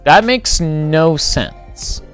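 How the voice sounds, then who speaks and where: Man, livestream host, lively pitch, slow delivery, rambling self-corrections, faint music underneath. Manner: rambling, thinks aloud, self-correcting, chuckles. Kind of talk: casual livestream commentary while building.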